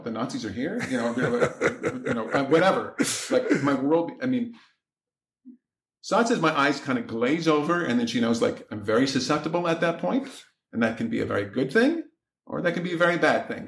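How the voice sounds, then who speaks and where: A man talking candidly as a podcast guest, telling his story in an animated way and loudly acting out his exasperation. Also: mid-range voice, reverberant. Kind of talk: candid casual chat.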